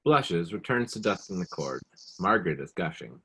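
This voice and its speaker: A man's voice: deep voice, sing-song, normal speed, pushed and bright, breathy edge. A man reading stage directions aloud in a plain, matter-of-fact way.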